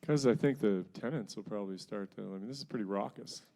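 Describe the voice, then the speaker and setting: A middle-aged singer-songwriter from New Brunswick, telling rambling, self-mocking stories between songs at a house concert. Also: male voice, on the low side, fast talker, gravelly, mellow. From New Brunswick, Canada. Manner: rambling, self-mocking anecdotes with frequent chuckles. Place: living room at a house concert.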